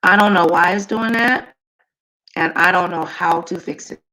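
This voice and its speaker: A woman's voice: on the low side, moderate pace, sharp tone. A woman hosting a casual livestream, chatting straight to her viewers. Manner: chatty, addresses viewers directly. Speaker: livestream host. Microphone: streaming setup.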